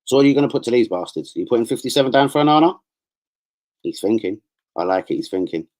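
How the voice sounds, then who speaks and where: A man's voice: mid-range voice, animated, fast talker, a little mellow. A man hosting a casual football livestream, slangy, chatty and given to swearing.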